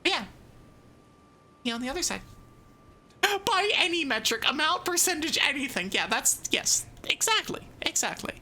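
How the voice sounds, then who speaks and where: Woman streamer, casual game chat, thinking aloud, bright tone, faint background hum. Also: high-pitched, very animated, moderate pace, long pauses. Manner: chatty, giggly, self-mocking; thinks aloud while playing.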